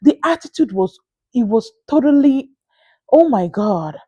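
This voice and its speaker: A young Nigerian woman with a Nigerian accent, telling a story to camera in a casual, animated and exasperated way, with sighing asides. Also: a little high, measured pace, slightly rough, dry recording, dull audio. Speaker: vlogger.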